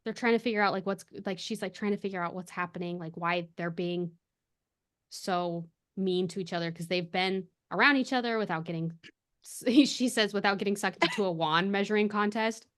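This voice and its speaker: A woman podcast host chatting casually, retelling a story in an animated way with lots of laughs. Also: medium pitch, a little fast. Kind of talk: casual chat.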